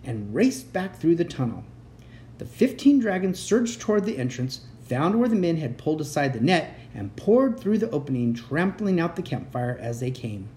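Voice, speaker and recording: Animated male storyteller. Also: fairly high pitch, moderate pace. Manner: expressive, animated narration. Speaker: bedtime story reader. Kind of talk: reading a children's book aloud.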